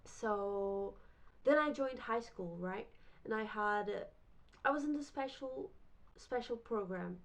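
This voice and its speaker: A woman's voice: medium pitch, lively intonation, slow. A young woman from Brazil, chatting through a casual storytime full of fillers and restarts. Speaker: vlogger.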